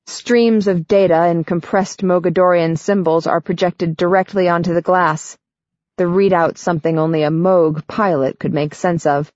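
A woman narrating a story in first person for an audiobook, steady and clear. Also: lowish voice, normal speed, no echo. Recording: dull, dry studio sound.

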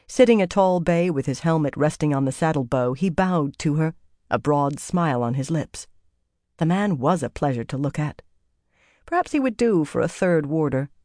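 Audiobook narrator, measured and even, dry close recording, mid pitch. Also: no room sound. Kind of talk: scripted fantasy narration.

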